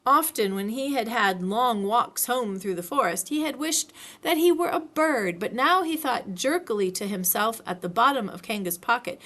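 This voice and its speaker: A woman librarian reading a children's storybook aloud with expressive storytelling. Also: on the high side, normal speed.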